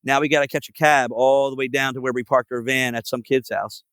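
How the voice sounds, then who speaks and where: A man's voice: mid-range voice, steady tone, a little fast, fairly bright tone, smooth, no room sound, low-quality recording. A man, a guest musician telling road stories in a casual podcast chat, profane and full of filler words. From Philadelphia area.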